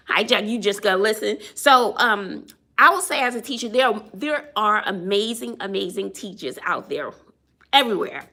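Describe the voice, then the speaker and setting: A woman's voice: mid-range voice, expressive, normal speed, sharp tone. A woman who is a teacher, chatting casually to viewers on a phone livestream, laughing often and greeting people as she tells a story.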